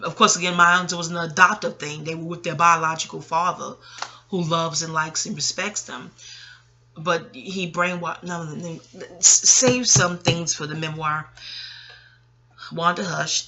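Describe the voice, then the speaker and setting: A woman in her late forties telling family stories in a casual, rambling monologue, chatty and frank, arguing with herself and swearing. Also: fairly low pitch. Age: late 40s. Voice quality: animated, talks back to herself. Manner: chatty,喜 laughing asides, profanity. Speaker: audio blogger.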